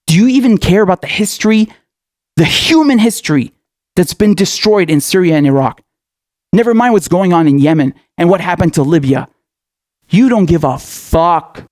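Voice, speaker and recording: A man's voice: high-pitched, lively intonation, normal speed, darkish tone, no echo, studio quality. A male political commentator in a furious, profane rant, firing off angry questions.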